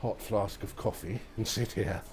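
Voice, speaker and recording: On a windy night full of snow, a man strolls outdoors and live-streams via an iPhone on a gimbal, talking at a normal pace in a lowish voice. He chats with his audience, exclaims at the sights with gentle excitement, and frequently poses questions to them.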